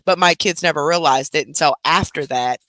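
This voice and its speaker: Lively, bright-voiced woman telling a story. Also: sits low, a little fast, no room sound. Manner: animated, expressive, with casual swearing. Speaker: host telling a family story. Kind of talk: casual storytelling chat.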